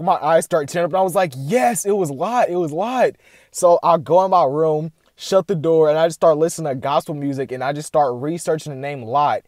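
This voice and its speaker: A young man chatting casually to camera and recounting a dream, rambling with lots of filler words and animated bursts. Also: on the high side, no room sound, clean studio sound. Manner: rambling, heavy "like" filler, addresses "guys"; excited and animated retelling. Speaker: vlogger sharing a dream.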